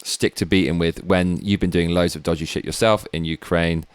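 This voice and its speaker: A low-voiced British man holds forth in a blunt, sweary monologue, wandering off into asides before pulling himself back on track. The sound is close and dry, with no room around it. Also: steady tone, moderate pace, clean tone, no echo. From Britain. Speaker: show host. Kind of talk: opinionated political commentary.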